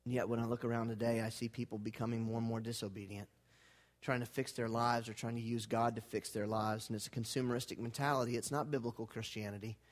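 A man preaching a sermon as pastor, dramatic, swinging from hushed lines to loud, fervent ones. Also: mid-range voice, little pitch movement, quick pace. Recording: hall reverb.

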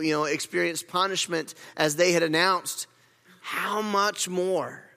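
A man's voice: on the high side, fairly bright tone. Preaching man in a reverberant hall. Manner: earnest, with repeated words and restarts. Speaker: pastor. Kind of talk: sermon.

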